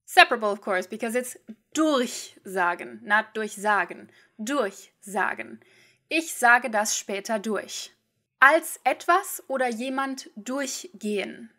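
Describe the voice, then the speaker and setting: A young adult woman teaching a language in a casual video lesson. She explains in a chatty, lively way with quick asides. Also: fairly high pitch.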